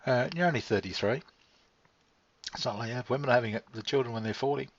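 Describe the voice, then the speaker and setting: A man rambling easily through a casual monologue, unhurried and loose, dropping the odd swear word with a chuckle. His voice sits at an ordinary middle pitch. The recording is dry and a bit dull, like a cheap home mic. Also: no room sound. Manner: meandering, laid-back, swears casually, chuckles. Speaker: vlogger. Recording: dry, slightly dull lo-fi sound.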